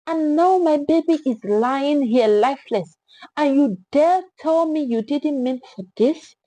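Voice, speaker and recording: A woman voicing a grief-stricken young husband who shouts in fury and disbelief. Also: sing-song, slow, no room sound, full character voice, rough recording. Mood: raging. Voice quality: shouting, high-strung.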